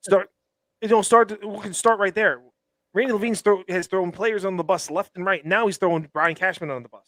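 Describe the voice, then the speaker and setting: A man's voice: high-pitched, fairly even intonation, fairly quick, fairly bright tone, no room sound. A man co-hosting a sports podcast, arguing his points emphatically with frequent restarts. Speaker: podcast co-host. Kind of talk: casual sports chat.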